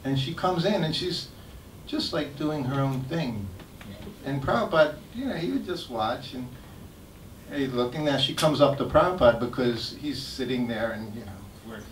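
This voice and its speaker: An older man tells animated, laughing anecdotes in a plain mid-range voice. He is recorded from a distance in an echoey temple hall with faint background noise. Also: mid-range voice, moderate pace. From United States. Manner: animated, laughs while telling stories. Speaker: guest speaker sharing memories. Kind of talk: anecdotal storytelling talk.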